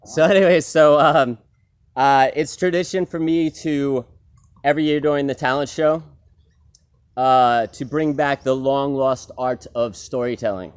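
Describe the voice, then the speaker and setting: A man's voice: mid-range voice, fairly even intonation, unhurried, clean tone. A young man telling a rambling, improvised comic story at a talent show, with many fillers.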